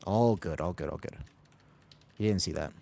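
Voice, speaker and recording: A fairly low-pitched man talks casually to his viewers as he plays, drifting between game calls and self-deprecating jokes. His talk is loose and rambling, full of asides to chat. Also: moderate pace, gravelly, warm tone. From United States. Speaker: streamer. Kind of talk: casual gaming stream chat.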